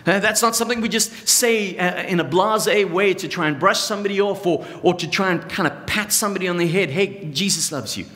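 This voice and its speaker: A middle-aged male pastor preaching in an earnest, conversational way. His voice sits a little high for a man, and he stretches out the important words with long pauses. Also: steady tone, fairly bright tone. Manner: earnest, pausing for emphasis, slowing on key phrases. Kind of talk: sermon.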